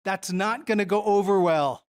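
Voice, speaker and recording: A Bible teacher leading a Bible study lesson in a relaxed, conversational way, often stopping to put questions to the listeners. The voice sits at an ordinary middle pitch. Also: normal speed, clean tone. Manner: conversational, asks the audience questions.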